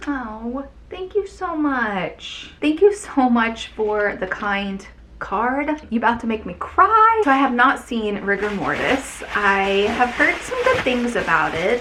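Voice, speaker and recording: A woman's voice: on the high side, very animated, slow pace, sharp tone, a little hiss or hum. A woman vlogger opening fan mail at home, chatting casually and reading letters aloud, gushing and exclaiming often.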